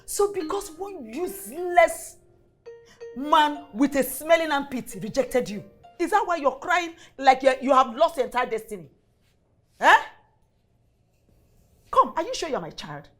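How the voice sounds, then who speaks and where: An actress with a Nigerian English accent playing a brash, scheming middle-aged mother who lectures her daughter loudly and bossily. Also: high voice, sing-song, measured pace, pauses often, soft background music, heavily acted. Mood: lecturing. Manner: loud, bossy, scolding lecture. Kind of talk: Nollywood film acting.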